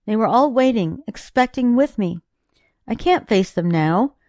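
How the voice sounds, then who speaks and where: A woman's voice: fairly high pitch, lively intonation, measured pace, no echo, studio quality. A woman voicing a grief-stricken young wife of twenty-six in an audiobook, her voice raised and strained. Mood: tearful. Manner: raised, strained voice rising to shouts. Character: grieving young woman, 26, tearful and enraged.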